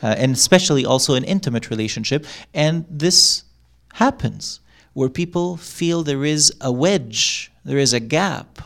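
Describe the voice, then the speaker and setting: A middle-aged workshop speaker addresses a live audience in an ordinary medium-pitched voice, loose and conversational, acting out quoted lines and laughing often. He's animated, talks a little slowly with vocal fry, and barely pauses.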